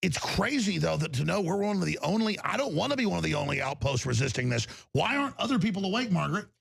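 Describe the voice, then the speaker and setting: A man's voice: high voice, very animated, quick pace, gravelly, fairly bright tone, slightly rough. A man hosting a talk show panel, talking emphatically, jumping in and urging his guests on.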